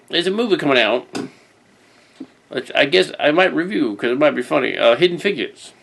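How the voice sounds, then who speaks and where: Animated gravelly man ranting casually. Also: a little high. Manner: rambling, wry, self-interrupting. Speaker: show host. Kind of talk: casual rambling rant to camera. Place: home studio.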